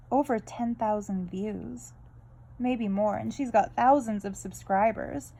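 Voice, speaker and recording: A chatty woman talks through her art in a loose, rambling way, wandering off on tangents as she draws. Her voice sits a little high and sounds mellow and soft. She comes across as candid and unpolished. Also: low-quality recording. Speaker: art vlogger. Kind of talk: casual draw-along chat.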